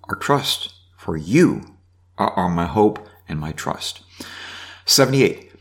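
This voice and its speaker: A man's voice: deep voice, sing-song, unhurried, fairly bright tone. A man giving an informal Bible teaching, reading verses aloud and commenting with frequent restarts. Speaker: preacher.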